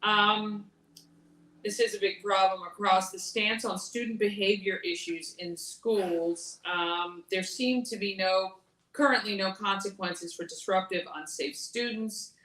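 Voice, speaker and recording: A woman's voice: medium pitch, fairly even intonation, measured pace, a bit bright. A woman moderating a forum, posing questions in a conversational, somewhat hesitant way, with ums. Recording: echoey room, voice from far off.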